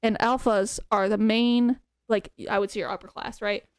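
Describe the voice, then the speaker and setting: A young woman co-hosting a podcast, chatting excitedly about books with lots of "um" and "like". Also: mid-range voice, normal speed, clean tone, no room sound, clean studio sound. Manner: chatty, excitable, many fillers like "um" and "like". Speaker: podcast co-host. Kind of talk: casual chat about books.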